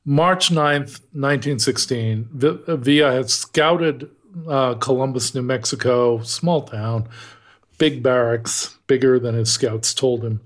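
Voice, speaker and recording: A man's voice: mid-range voice, takes it slowly. An American man co-hosting a casual history chat, telling stories in a wry, digressive way and chuckling at his own anecdotes. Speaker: podcast co-host.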